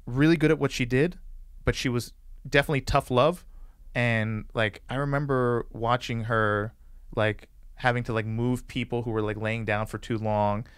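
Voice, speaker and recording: In a casual storytelling interview, this podcast guest in his forties rambles through life stories, acting out quotes and using "like" a lot. His mid-range voice is smooth and fairly even, at a moderate pace, on a dry, clean studio recording.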